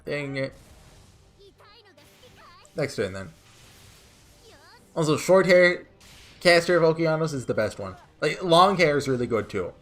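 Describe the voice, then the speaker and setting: A man's voice: a little high, very animated, a little slow, long pauses, faint music behind. A man giving chatty let's-play commentary, thinking aloud as he plays. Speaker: gamer.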